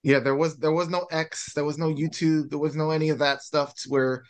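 A man's voice: on the high side, level tone, fairly quick. A man co-hosting a sports podcast, speaking emphatically in casual chat. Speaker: podcast co-host.

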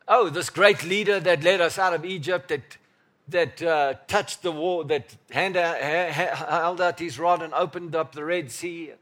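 A man preaching a sermon as pastor, emphatic and repetitive, swinging from loud bursts to quiet murmurs. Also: fairly high pitch, steady tone, unhurried.

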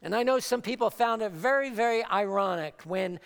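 A woman's voice: medium pitch, a little fast, gravelly, big-room sound. A woman preacher delivering a sermon in an emphatic, repetitive preaching cadence.

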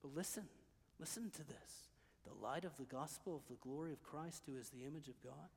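A man preaching a sermon as pastor, dropping to hushed, quiet passages and then rising to loud, emphatic declarations. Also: fairly high pitch, brisk, vocal fry, husky, in a large hall.

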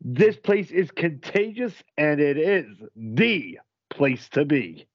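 A man's voice: a little high, very animated, takes it slowly, slightly rough, no echo, lo-fi sound, exaggerated voice. A man doing an upbeat wrestling talk-show host. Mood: hyping. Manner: announcer-style, hyping.

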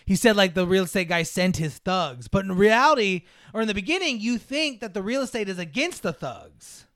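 Young guy, movie chat; bright, tense tone, rambling and profane. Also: high voice, animated, brisk, no room sound, clean studio sound. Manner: rambling, profane, full of "like" and laughs.

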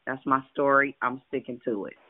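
A woman's voice: rumbling low, moderate pace, dry recording. A woman pastor hosting a prayer call, affectionate and calling people babe and sugar. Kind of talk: casual prayer-line chat. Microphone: phone. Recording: dry tinny phone line.

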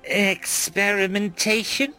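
Guy doing confident alien woman diplomat, firm, no nonsense, slightly higher voice. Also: slow, pushed and bright, faint music behind, full character voice. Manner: firm, assured.

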